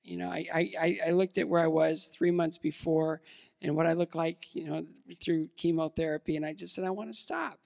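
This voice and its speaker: A gravelly, slightly dark voice, a little high and a little fast, belongs to a US man in his fifties giving a motivational keynote. He's casual and pokes fun at himself, stumbling through fillers and restarts, while the large event hall adds long reverb.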